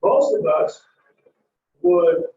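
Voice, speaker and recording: A man lecturing a psychology class, loud and emphatic, swinging his voice for emphasis and acting out little scenes. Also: very high voice, big pitch swings, drawn-out words, gravelly. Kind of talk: classroom lecture with acted scenarios. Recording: echoey lecture hall, dull mic from far off.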